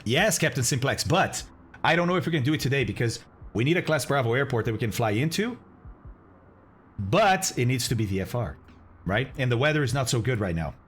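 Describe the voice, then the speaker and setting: A man with a slightly husky, breathy voice talks loosely to viewers on a live stream, his pitch bouncing up and down as he chats. He thanks people by name, groans, and exclaims freely between casual remarks. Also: lively intonation, brisk, fairly bright tone. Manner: chatty, thanks viewers and reacts aloud to chat; groaning and exclaiming over bad-tasting candy. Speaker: flight simulator streamer.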